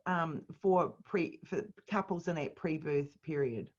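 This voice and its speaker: A woman's voice: low-pitched, unhurried. A woman hosting an online interview, reacting expressively and asking questions. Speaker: host. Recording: dull lo-fi online call audio.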